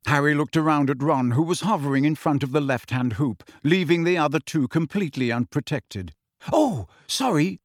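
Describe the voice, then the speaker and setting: A man reading an audiobook aloud in an expressive storytelling manner. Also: on the high side, a little fast, hardly any pauses, no room sound, clean studio sound. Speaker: audiobook narrator. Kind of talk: scripted audiobook narration.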